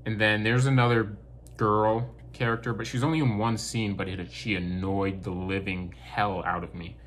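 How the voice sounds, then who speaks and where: A man's voice: fairly low pitch, flat delivery, normal speed, a bit bright, slight background noise. A man giving a casual spoken film review, blunt and candid with his opinions.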